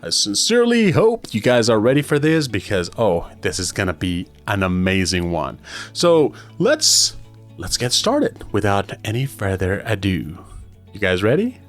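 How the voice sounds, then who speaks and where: A man hosting an English lesson podcast, energetic and chatty, often checking in with "right?" and slowing down to demonstrate. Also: lowish voice, faint music behind. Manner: energetic and enthusiastic, slows down to demonstrate; chatty, frequent "right?" and "hey". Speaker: English teacher.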